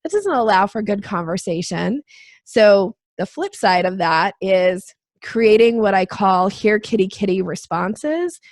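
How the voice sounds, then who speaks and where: Animated woman guest, dry close sound. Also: mid-range voice, measured pace, no room sound. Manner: animated, acts out quoted voices. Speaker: sales trainer and author. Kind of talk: interview guest explaining with examples.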